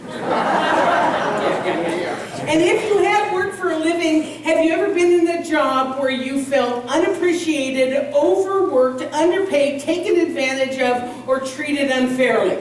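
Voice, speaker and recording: A woman's voice: sits high, slow, crowd noise, noisy background. A woman giving a humorous sermon to a congregation in a large hall, telling jokes and stories. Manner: lively, joking storyteller. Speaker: minister. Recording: echoey hall, distant mic.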